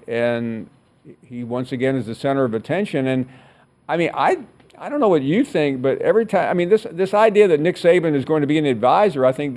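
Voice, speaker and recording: A man hosting a sports talk radio show, halting and restarting often as he steers the conversation. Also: a little high, a little mellow.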